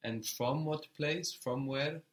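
A man's voice: a little high, slow. A man teaching a language lesson, patiently prompting a student and repeating her answers.

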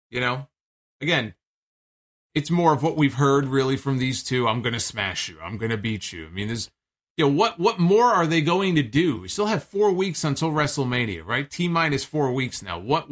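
A man's voice: mid-range voice, fairly bright tone. A man casually recapping a wrestling show for his podcast, rambling and chatty, with plenty of fillers and the odd swear.

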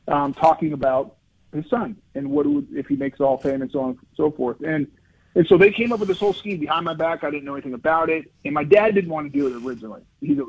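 A man in his fifties, a former football lineman, telling personal stories as an interview guest in an earnest, animated way with many restarts. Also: a little high, vocal fry, no room sound. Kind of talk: conversational interview storytelling. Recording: dry, phone-like radio line.

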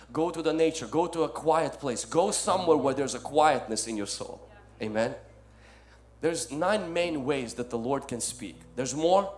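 A male pastor preaching a sermon, swinging from loud emphatic lines to soft ones and calling listeners "my friend". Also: mid-range voice.

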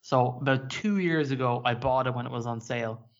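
A man's voice: mid-range voice, a little fast. A man co-hosting a gaming podcast, rambling along in loose, unscripted chat. He swears freely as he talks. His audio is dull and lo-fi. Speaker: podcast co-host. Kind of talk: casual chat.

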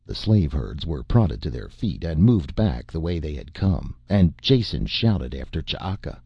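Deep gravelly male audiobook narrator. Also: big pitch swings, mellow, dry recording, dull audio. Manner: measured storytelling. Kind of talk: scripted narration.

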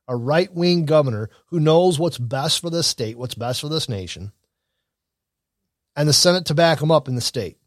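A man's voice: a little high, no echo, clean studio sound. Blunt, opinionated man. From Michigan. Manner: blunt, opinionated, rambling with restarts. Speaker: commentary show host. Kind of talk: casual news and political commentary.

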